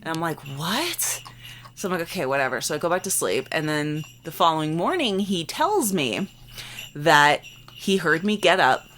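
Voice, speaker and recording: A woman in her late twenties tells a creepy story to her co-hosts, her voice sitting low in pitch. She talks loosely, leaning on "like" and acting out what everyone said. Faint noise runs under the recording. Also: normal speed. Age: late 20s. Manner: animated, acts out quotes, many "like" fillers. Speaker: podcast co-host. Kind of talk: casual storytelling.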